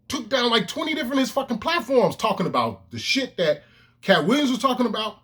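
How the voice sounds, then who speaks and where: A man's voice: high voice, fairly bright tone, slightly rough. A man ranting to his own camera in heated, profane commentary, with emphatic outbursts. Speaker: vlogger. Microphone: camera lens, self-recorded.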